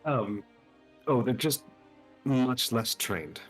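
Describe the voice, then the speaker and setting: Man, tabletop player, halting in-character talk, faint music, mid-range voice. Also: medium pitch, animated, husky. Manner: halting, hesitant, laughing easily. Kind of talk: in-character tabletop role-play.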